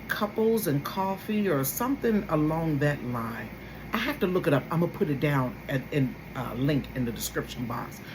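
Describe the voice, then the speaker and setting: A woman's voice: lowish voice, slight background noise, rough recording. A woman, hosting a casual gossip commentary and talking straight to her viewers with sudden exclaimed bursts. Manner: animated, addresses viewers directly. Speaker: host.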